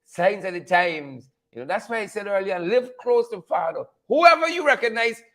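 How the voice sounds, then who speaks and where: Guyanese guy going off on a live stream, high voice, sarcastic and preachy. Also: animated, normal speed, pushed and bright. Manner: fired-up, sarcastic, preachy ranting. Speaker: livestream host. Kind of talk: live-stream commentary and rant.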